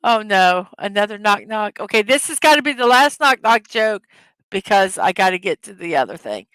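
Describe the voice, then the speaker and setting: A woman's voice: medium pitch, very animated, normal speed, a bit bright, clean tone, no echo. A middle-aged woman hosting a casual livestream, giggling as she reads viewers' jokes aloud. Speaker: livestream host.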